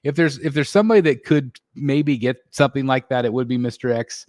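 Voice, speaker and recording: A man's voice: medium pitch, brisk, no room sound, studio quality. Chatty American man hosting a live stream. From United States. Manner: chatty, relaxed, many fillers and restarts. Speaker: livestream host reading chat. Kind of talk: casual live-stream chat. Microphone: desk microphone.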